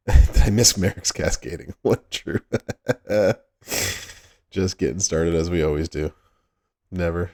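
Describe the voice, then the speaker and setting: A man's voice: sits low, creaky, mellow. A man hosting a casual livestream, greeting chat viewers by name and laughing often. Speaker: livestream host.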